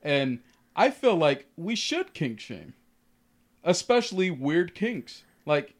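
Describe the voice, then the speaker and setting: A young man with a slightly higher voice talks through a long, rambling story as he co-hosts a podcast. He laughs often and keeps the chat loose and casual. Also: sing-song, slow pace. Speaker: podcast co-host.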